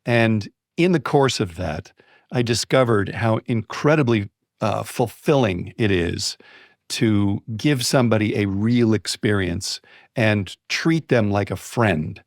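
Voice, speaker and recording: A middle-aged man telling a personal anecdote as a guest on a podcast interview, building excitement as he goes. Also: lowish voice, slow, dry recording, clean studio sound. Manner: lively storyteller, building excitement. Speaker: guest speaker on storytelling.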